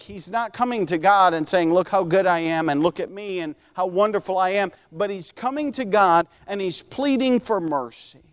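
A man delivers a sermon in a high voice. He pleads earnestly, stumbles over repeated words as he builds momentum, and lets his voice fall almost to a whisper when he stresses the quiet moments. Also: moderate pace. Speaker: pastor.

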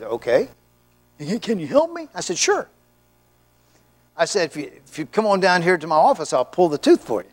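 A middle-aged male pastor delivers a sermon through lively personal anecdotes. His voice sits a little high for a man, and he slips into the voices of the people in his stories. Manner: animated storyteller, acts out voices in anecdotes. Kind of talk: sermon with storytelling.

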